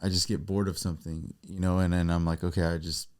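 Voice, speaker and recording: A man's voice: low voice, flat delivery, quick pace, darkish tone. A man co-hosting a casual faith-based chat podcast, reflective and posing questions to listeners. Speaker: podcast co-host.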